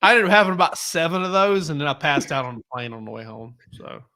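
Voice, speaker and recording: A man's voice: on the high side, animated, fast, sharp tone. A man, a sports reporter, telling laid-back stories on a casual podcast, rambling with many fillers and restarts.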